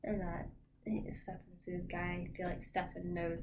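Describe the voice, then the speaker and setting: A woman's voice: fairly low pitch, monotone, normal speed. A tired young woman co-hosting a casual late-night book discussion. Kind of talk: casual chat. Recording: faint background noise.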